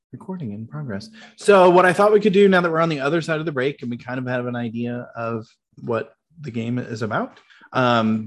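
A man running a tabletop game as game master, explaining rules patiently with lots of fillers. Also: medium pitch.

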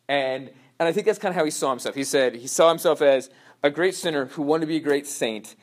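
A man's voice: medium pitch, quick pace. A man teaching a parish class in a casual, rambling way, full of fillers and restarts.

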